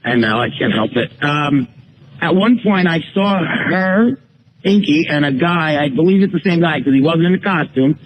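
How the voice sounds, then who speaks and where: A man calling a radio show, rambling with halting restarts and self-deprecating asides. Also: a little high, animated, rough recording. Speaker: caller. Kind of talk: phone-in chat.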